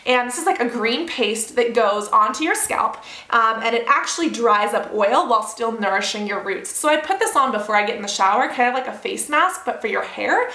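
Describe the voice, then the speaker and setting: A woman's voice: fairly high pitch, animated, a little fast, hardly any pauses, bright, forceful tone. A young woman in her twenties chatting casually through her hair products in a bubbly, rambling vlog style. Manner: chatty, bubbly, lots of fillers and asides. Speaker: beauty vlogger. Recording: roomy echoey home room.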